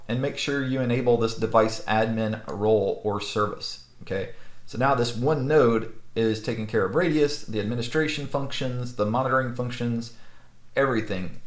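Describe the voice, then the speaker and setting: Male instructor, relaxed tutorial delivery with lots of "okay?" checks, roomy echo. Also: mid-range voice. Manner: casual, with frequent "okay?" and "right?" checks. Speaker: network instructor. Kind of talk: screen-recorded technical tutorial.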